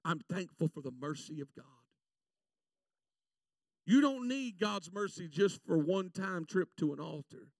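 A preacher man with a high voice full of gravelly fry, preaching with fervor. He slips into folksy stories and slows right down on scripture. The voice is picked up from a distance from the mic, with a dry, dead sound. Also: lively intonation, no room sound. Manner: fervent, folksy storytelling, drawing out scripture slowly. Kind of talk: sermon.

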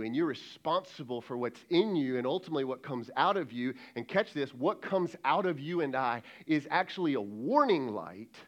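A man's voice: mid-range voice, lo-fi sound. A man preaching a sermon as lead pastor, talking in a conversational, emphatic way and acting out quoted dialogue.

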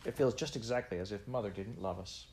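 A man's voice: lowish voice, quick pace, darkish tone, lightly acted. A man reading aloud, voicing a sensitive young girl who sounds wounded and plaintive. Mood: miserable.

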